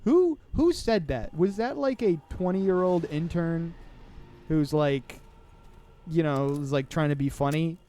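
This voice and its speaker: Unhurried and expressive, this podcast host in his twenties has a slightly high, mellow voice. He rambles sarcastically over a video game and makes fun of himself.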